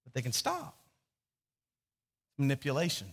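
A man's voice: mid-range voice, wildly swooping pitch, unhurried, fairly bright tone. A man preaching a sermon as pastor, storytelling with animation, acting out quotes and often restarting his sentences. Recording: long hall reverb.

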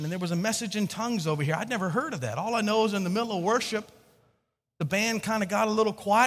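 A man with a high voice preaches a sermon in a reverberant church hall. He tells a story with animated delivery and stammered restarts. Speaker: pastor.

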